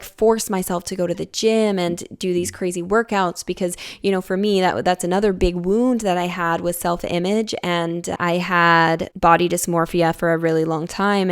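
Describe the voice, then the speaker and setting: A young woman hosts a podcast in a casual, reflective way, scattering "like" through her sentences and quoting her own inner voice. Her voice sits low and has a gravelly edge under a smooth, resonant tone. The sound is dry and close. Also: a little mellow, dry recording. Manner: heavy use of "like", quotes her own inner voice. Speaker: podcast host.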